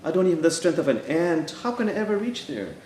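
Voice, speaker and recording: A man's voice: on the high side, big pitch swings, quick pace, darkish tone, recorded from a distance, slight background noise. A man voicing a small male sparrow in a sermon story, whining in self-pity about being feeble. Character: small, whiny male sparrow, falsely meek. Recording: echoey church room.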